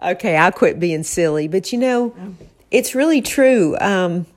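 Recording from an office, a woman co-hosting a podcast has an affectionate, emotional conversation with her mother, teasing her from time to time. She has a lowish voice with lively intonation and an unhurried pace.

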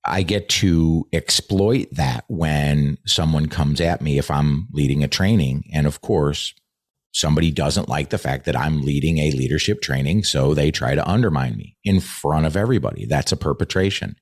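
A man's voice: extremely low pitch, normal speed, no echo, studio quality. A man who trains leaders, talking earnestly in a podcast conversation and swearing freely.

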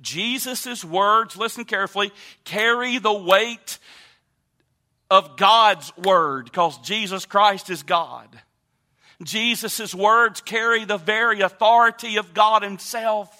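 A pastor delivers a sermon in an emphatic, repetitive preaching manner, swelling loud and dropping soft. His voice sits high for a man and has a bright, forceful edge. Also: slow. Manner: emphatic preaching with repetitions and wide swings in loudness.

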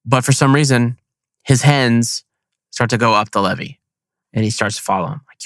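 A man casually telling a hunting story on a podcast, animated and slangy, acting out his own thoughts. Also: mid-range voice, normal speed, no echo.

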